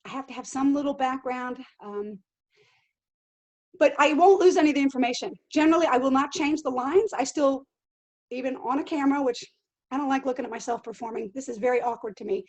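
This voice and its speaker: A middle-aged woman, a living history actress, answering interview questions in an animated way and acting out quotes. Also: high-pitched, fairly quick. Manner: animated, acts out quotes and accents.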